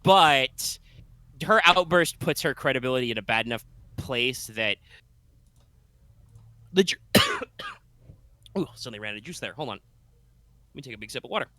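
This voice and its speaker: A man's voice: mid-range voice, huge pitch swings, a little slow, pauses often, sharp tone, no room sound. A man narrating a tabletop game as game master, rambling with many fillers and restarts.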